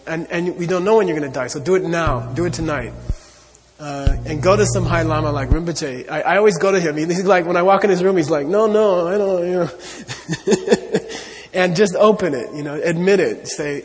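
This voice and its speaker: Speaking earnestly to an audience in a room with a big sound, a Buddhist teacher with a high-leaning voice offers a spiritual talk. He goes over his points repeatedly and frequently says "you know."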